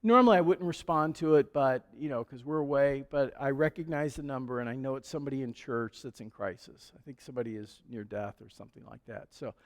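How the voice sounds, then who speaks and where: A male pastor preaching a sermon in a relaxed, conversational storytelling way. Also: mid-range voice, a little fast, hardly any pauses. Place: church sanctuary. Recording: long church hall reverb.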